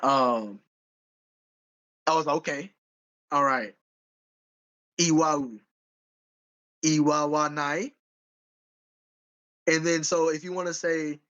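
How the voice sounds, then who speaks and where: A man's voice: fairly high pitch, a bit bright, dull audio. A man co-hosting a podcast in casual chat, rambling and correcting himself as he goes, with frequent laughs. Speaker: podcast co-host.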